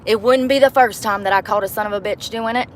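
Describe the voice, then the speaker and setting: A woman vlogger in her car at night rants to the camera, angry, blunt and swearing often. She speaks fast in a mid-range voice, and the recording carries a little hiss or hum.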